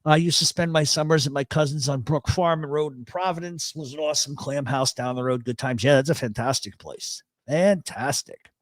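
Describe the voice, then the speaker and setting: A man's voice: on the high side, moderate pace, hardly any pauses, no room sound, clean studio sound. A man hosting a live radio chat show, telling stories and reading chat messages aloud, heavy on profanity. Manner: profane, storytelling, animated.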